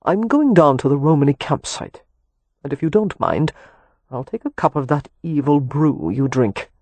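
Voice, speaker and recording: A man's voice: a little high, expressive, normal speed, a little mellow, dry recording. An audiobook narrator voicing a weary, protective Romany man who talks with dry sarcasm and turns earnest when tender. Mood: wry.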